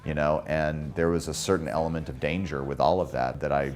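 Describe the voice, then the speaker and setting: A man's voice: rumbling low, steady tone, a little fast, a little mellow. A man, a filmmaker, reflecting in a documentary interview.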